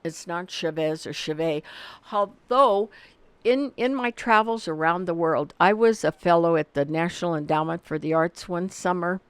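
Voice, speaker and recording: Older woman telling stories in a lowish voice. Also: moderate pace, clean tone, no room sound. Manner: animated storyteller, acts out quoted dialogue. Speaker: author and activist guest. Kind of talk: casual conversation.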